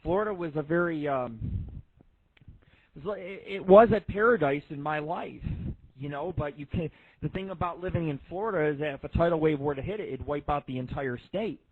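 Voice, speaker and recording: Guy in his 30s ranting on his radio show, swears a lot, husky voice, sounds like an old phone line. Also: fairly high pitch, fairly quick, dry recording. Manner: profane, rambling, storytelling. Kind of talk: casual rambling radio monologue.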